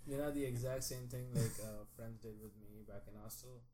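A young man in casual chat, speaking haltingly with many repeated words and "you know"s. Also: medium pitch, fairly even intonation, loud music behind the voice. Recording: echoey room with crowd noise.

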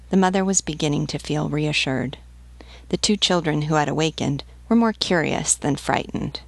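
A woman teacher reading a novel aloud in a measured, expressive way. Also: deep voice, vocal fry, dry recording.

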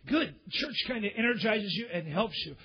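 A male pastor preaching a sermon in church, swinging from loud emphatic bursts down to near whispers. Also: high-pitched, expressive, moderate pace, slightly rough, lo-fi sound.

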